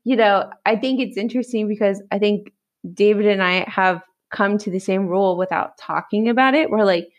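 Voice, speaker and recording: A woman in her thirties co-hosts a podcast in a casual, chatty way. Her voice sits at a middle pitch, and she laughs easily between thoughts. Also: moderate pace. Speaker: podcast co-host. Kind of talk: casual chat.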